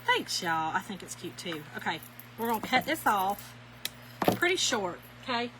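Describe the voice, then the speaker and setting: A woman's voice: medium pitch, sing-song, moderate pace, very noisy. A middle-aged woman, chatting folksily to viewers while demonstrating a craft and telling a funny story. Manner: folksy, giggly, addresses viewers as y'all. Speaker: craft tutorial host.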